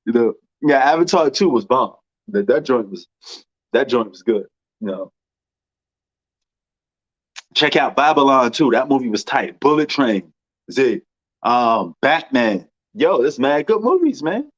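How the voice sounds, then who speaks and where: A man's voice: medium pitch, sing-song, a little slow, pauses often, fairly bright tone, dry recording, dull audio. A man with a New York accent chatting casually and rambling about movies, full of slang and fillers. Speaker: movie commentator. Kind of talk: casual chat.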